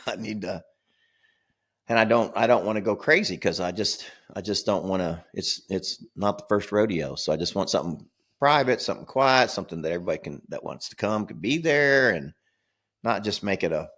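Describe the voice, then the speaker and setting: An older man hosting a casual podcast, telling animated stories and laughing often. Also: on the low side, a little fast. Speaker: podcast host.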